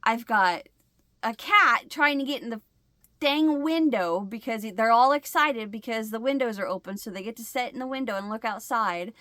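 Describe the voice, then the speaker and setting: Woman vlogger, casual storyteller, bright and close-miked, animated delivery. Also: on the high side, moderate pace, no room sound. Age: adult with a husband. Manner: animated, acts out her own shouts and gasps. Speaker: channel host.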